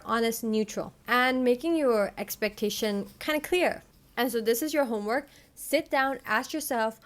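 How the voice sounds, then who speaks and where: Chatty young woman giving advice. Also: mid-range voice. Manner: chatty, emphatic, repeats "all right?". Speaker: podcast host. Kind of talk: casual advice monologue.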